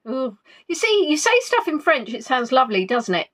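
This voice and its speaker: A woman's voice: high voice, sing-song, normal speed, a bit bright. A woman hosting a casual quiz stream, chatty and playful as she reads out viewers' answers. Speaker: quiz host.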